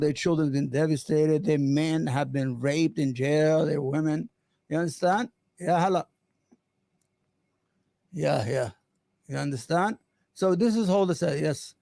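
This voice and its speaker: A man hosting an opinionated live commentary stream, impassioned and sarcastic, often halting on fillers and restarts. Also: fairly high pitch, gravelly, a little mellow, no echo. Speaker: livestream host.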